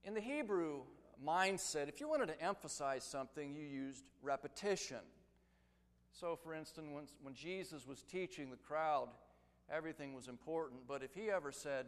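A man preaching an expository sermon, building to loud, emphatic crescendos. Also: a little high, expressive, normal speed. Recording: long reverb of a large hall.

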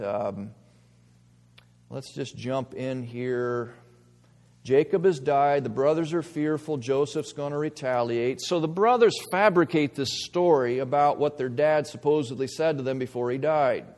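A pastor delivering an earnest sermon, his voice sitting a touch higher than most men's. He drops to quiet, reflective passages, then leans hard into emphatic points. The sound carries a long reverb, as from a large church sanctuary.

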